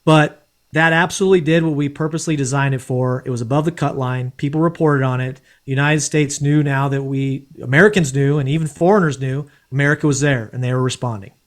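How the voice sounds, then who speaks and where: A man's voice: mid-range voice, fast talker. A man, a former Green Beret, telling stories casually as a podcast guest, blunt and profane. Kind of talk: casual storytelling.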